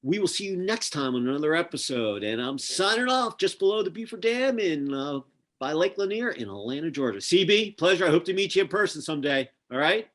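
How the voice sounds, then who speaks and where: A man's voice: fairly high pitch, sing-song, a little fast, a bit bright. A man with a Philadelphia accent hosting a casual interview over a video call, chatty and rambling with lots of fillers. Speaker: podcast host. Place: home near Atlanta.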